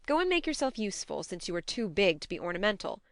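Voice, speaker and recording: Brief: spirited, impulsive young woman read by a woman, smooth and close, audiobook. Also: mid-range voice, dry recording. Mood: brisk teasing. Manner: brisk, lively, impulsive. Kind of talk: audiobook narration.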